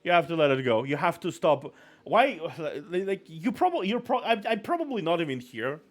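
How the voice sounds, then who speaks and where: A man's voice: sits high, sing-song, normal speed. A man chatting casually on a live stream, rambling and self-deprecating, apologizing often.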